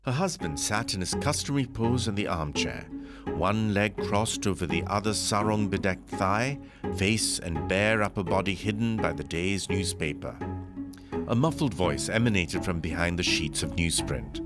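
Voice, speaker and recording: A man narrating a story in a measured, expressive reading. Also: low-pitched, faint music behind.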